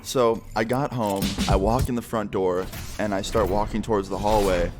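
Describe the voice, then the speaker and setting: Young male vlogger, lowish voice, easygoing storyteller for a storytime video. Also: normal speed, music in the background. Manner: relaxed, loose, filler-heavy delivery. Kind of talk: casual storytelling.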